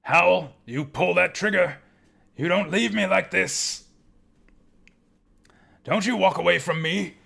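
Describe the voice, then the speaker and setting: A man's voice: a little high, very animated, a little slow, gravelly, a bit bright, slightly rough, pitched above the performer's own voice, heavily acted. A man voicing a defeated outlaw villain who screams threats and begs to be killed, reading video game dialogue aloud. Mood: furious. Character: vengeful outlaw leader, adult man, defeated and raging.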